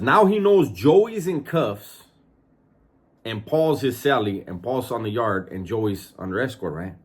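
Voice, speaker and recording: A man's voice: mid-range voice, breathy edge. A man, a former prison inmate, casually telling a story with profanity and acted-out voices.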